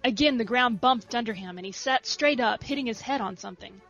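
A woman reading a story aloud in a soft, steady narration. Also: on the high side, brisk, dull audio, faint music behind. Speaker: reader.

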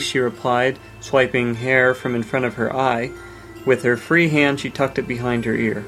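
A man reading fan fiction aloud in a plain, even narration. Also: mid-range voice, moderate pace, soft background music, low-quality recording. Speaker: reader.

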